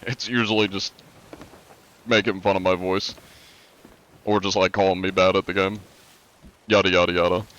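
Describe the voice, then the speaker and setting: A man's voice: low voice, level tone, normal speed, pauses often, fairly bright tone, lo-fi sound. A young man streaming live, chatting casually and answering chat with a laid-back, rambling manner, his nose congested from allergies.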